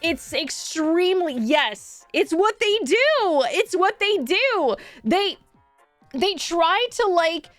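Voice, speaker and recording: A woman with a high voice chats casually on stream, rambling through a story with plenty of fillers and the odd swear. Faint music plays quietly behind her. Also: very animated, takes it slowly, no echo. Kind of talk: casual chat.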